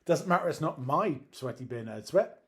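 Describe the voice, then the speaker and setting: A man's voice: fairly high pitch, animated, moderate pace. A man co-hosting a casual chat, rambling and correcting himself as he jokes along. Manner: rambling, self-correcting, jokey. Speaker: co-host.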